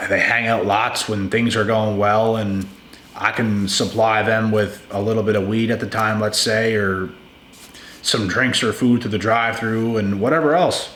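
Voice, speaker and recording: A man's voice: lowish voice, steady tone, moderate pace, a bit bright, roomy sound, slight background noise. A man giving blunt, emphatic relationship advice in a casual monologue to his viewers. He repeats words for stress and calls listeners "bro".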